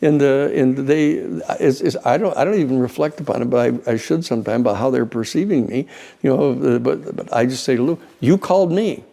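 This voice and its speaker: A man, a lawyer, telling stories in an animated, conversational way, often repeating words as he builds a point. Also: mid-range voice, fairly quick, gravelly. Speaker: lawyer and institute president. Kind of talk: conversational storytelling.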